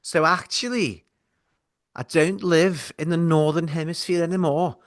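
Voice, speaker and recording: A man's voice: a little high, fairly even intonation, measured pace, lightly acted. A man voicing a blunt, bossy female podcast producer in a scolding drawl. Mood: jokey.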